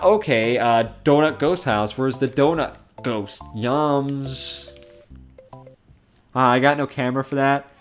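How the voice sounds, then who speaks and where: A young man streaming a game from home, chatting casually, rambling and laughing as he reads chat comments aloud. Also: mid-range voice.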